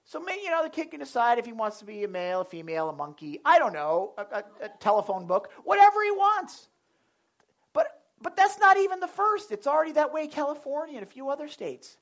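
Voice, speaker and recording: A young man preaching a sermon as a pastor in a blunt, animated storytelling way, swinging from loud outbursts to quiet asides. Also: very high voice, fast talker, hardly any pauses. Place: church sanctuary.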